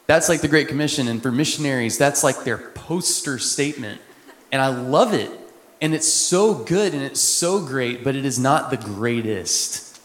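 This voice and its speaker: A man from Texas, a missionary, preaching a sermon in a conversational way with quick asides. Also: medium pitch, expressive. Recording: echoey hall with long reverb.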